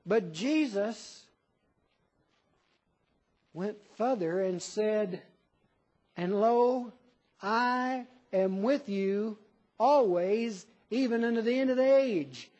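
Male preacher, high voice, earnest and emphatic delivery for a sermon. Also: very slow, long pauses, lo-fi sound. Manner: earnest, emphatic, reads a poem in a softer lower voice.

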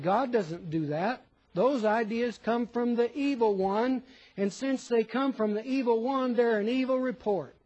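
A man's voice: high voice, a little mellow, poor audio. A man preaching a conversational sermon, asking rhetorical questions and reading scripture aloud.

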